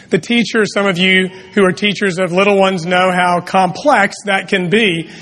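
Male pastor, high voice, slightly husky, earnest sermon delivery, church reverb. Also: fairly bright tone. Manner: earnest, with dramatic pauses and emphatic rises. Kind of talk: sermon with prayer and storytelling. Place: church sanctuary. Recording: long reverb of a church hall.

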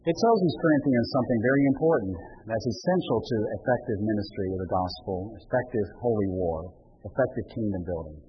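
A male pastor preaching a sermon, impassioned and rising in pitch and volume when he quotes pleading words. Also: expressive, brisk, breathy edge, highs cut off, soft background music.

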